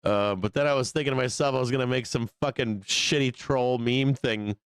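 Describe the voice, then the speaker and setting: A man's voice: mid-range voice, a little fast, smooth, no echo. A man hosting a live stock market stream, talking casually and ranting with frustration, swearing freely and laughing often. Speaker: stock market show host.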